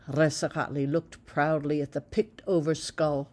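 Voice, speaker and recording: A woman from the United States reading her own memoir aloud in a measured, plain storytelling voice. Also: lowish voice, darkish tone. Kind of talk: audiobook narration.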